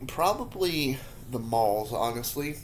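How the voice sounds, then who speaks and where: A man's voice: mid-range voice, expressive, takes it slowly, a little hiss or hum. A man in his thirties, answering viewer questions in a rambling, self-deprecating way while eating hot peppers, sometimes with his mouth full. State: mouth full, feeling spicy heat.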